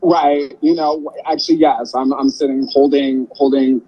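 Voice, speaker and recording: A man chatting playfully as a guest, campy and quick with sly jokes. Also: mid-range voice, little pitch movement, slightly rough, lo-fi sound. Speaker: guest contestant. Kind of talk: casual chat. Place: hotel room on a call.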